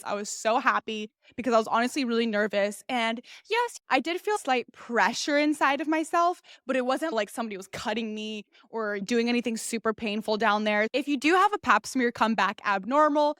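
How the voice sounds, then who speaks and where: A woman's voice: a little high, brisk, hardly any pauses, a bit bright, no room sound, clean studio sound. A young woman hosting a podcast, telling a personal story in a candid, blunt, crude way. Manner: candid, blunt and crude, acts out the nurses' soothing voices. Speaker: podcast host. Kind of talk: casual storytelling monologue.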